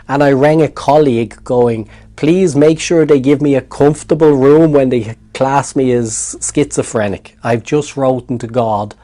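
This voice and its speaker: An Irish man telling his story in an interview, animated and repeating words when excited. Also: mid-range voice. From Ireland. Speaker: interview guest.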